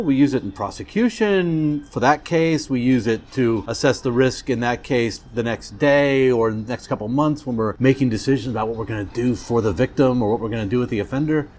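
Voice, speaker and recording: A man being interviewed as a criminologist in a diner, explaining things in an animated way and acting out little back-and-forth exchanges. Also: medium pitch. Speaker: criminologist guest. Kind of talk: casual interview.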